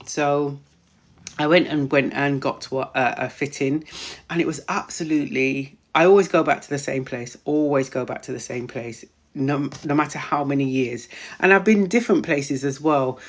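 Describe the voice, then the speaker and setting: A woman's voice: rumbling low, moderate pace. Chatty woman host greeting live viewers. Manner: chatty, greets viewers by name, repeats phrases. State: voice going hoarse. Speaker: menopause wellness practitioner and live-stream host. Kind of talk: casual live-stream chat.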